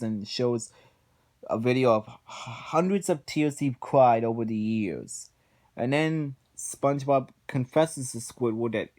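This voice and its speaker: A man reviews cartoon episodes in a casual, rambling rant. He speaks slowly and sighs heavily between points. His sentences often stall and restart as his exasperation builds. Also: mid-range voice, darkish tone.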